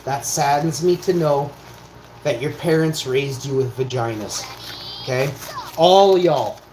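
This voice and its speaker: A vlog host in his forties delivers a confrontational, profane ranting monologue, firing off rhetorical questions. His voice is fairly high and a little mellow, and he speaks unhurriedly. The recording has a roomy echo and faint noise.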